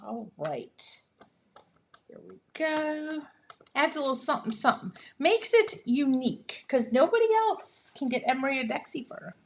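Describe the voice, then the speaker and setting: A woman's voice: high-pitched, big pitch swings, normal speed, slight background noise. A woman hosting a live papercraft demonstration from her home craft room, chatty and upbeat, laughing often and cheering herself on. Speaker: papercraft host.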